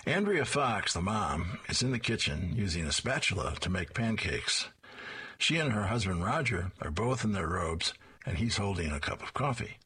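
A man's voice: on the low side, very animated, normal speed, pushed and bright, slightly rough. A man describing and reading comic strips aloud in a plain, descriptive way.

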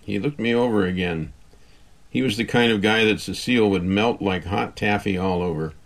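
A man with a low voice reads a first-person story aloud, wry and conversational. He keeps it easy, like he's telling it to a friend. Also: moderate pace, vocal fry. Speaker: audiobook narrator. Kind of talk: first-person scripted narration.

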